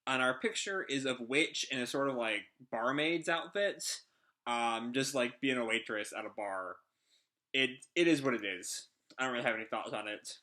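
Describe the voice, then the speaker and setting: A man's voice: medium pitch, normal speed, sharp tone. A man hosting a casual live reaction to a manga chapter, rambling with lots of fillers.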